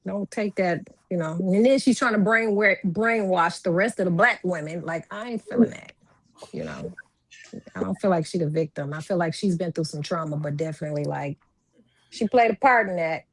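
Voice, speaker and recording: A woman's voice: fairly low pitch, moderate pace, no room sound, poor audio. A woman on a live panel giving her opinion casually, with hesitations and repeats. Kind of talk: panel discussion on a live stream.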